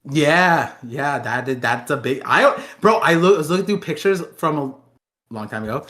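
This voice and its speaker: Bright-voiced man laughing through casual chat. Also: on the high side, expressive. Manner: laughing, rambling, quick jokey asides. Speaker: podcast co-host.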